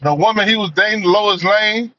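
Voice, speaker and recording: A man reviews movies in a profane, emphatic rant, peppering his speech with "man" and "you know." His voice sits high and moves at a moderate pace, captured in dull lo-fi audio.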